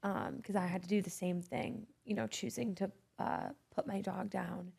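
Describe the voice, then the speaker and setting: A woman guesting on a podcast, chatting warmly with lots of fillers and easy laughter. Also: medium pitch, steady tone, normal speed, gravelly, breathy edge. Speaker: podcast guest, artist and educator. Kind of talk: casual heartfelt conversation.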